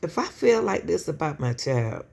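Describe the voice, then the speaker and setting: Hosting true-crime commentary, a woman speaks straight to her viewers in a low, gravelly, darkish voice that is very animated at a normal speed. She keeps calling her audience "y'all" and fires off rhetorical questions in emotional, casual talk.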